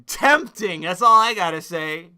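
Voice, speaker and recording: A young man streaming and rambling crudely, bursting into excited outbursts. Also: high voice, measured pace, smooth. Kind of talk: casual stream commentary.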